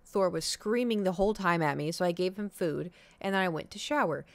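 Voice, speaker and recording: A woman in her thirties telling a story to her stream viewers in a casual chat, animated and full of swearing, acting out her own reactions. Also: on the low side, brisk, dry recording. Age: 30s. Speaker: livestreamer.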